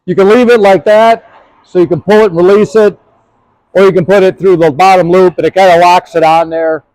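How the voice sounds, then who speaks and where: A man's voice: sits high, steady tone, fairly quick, a little mellow, no echo, rough recording. Folksy man demonstrating horse packing. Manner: folksy, rambling, many fillers. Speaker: historical horse trekking presenter. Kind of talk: casual demonstration talk.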